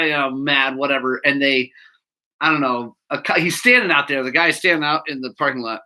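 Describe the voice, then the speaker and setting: A man's voice: mid-range voice, normal speed. A man who runs a bike shop, telling a rambling anecdote to his audience. He laughs often and interrupts himself. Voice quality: laughs often while telling stories, bleeps his own swearing. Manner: animated, rambling, self-interrupting anecdote teller. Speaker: bike shop owner and show host. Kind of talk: casual storytelling to a live audience.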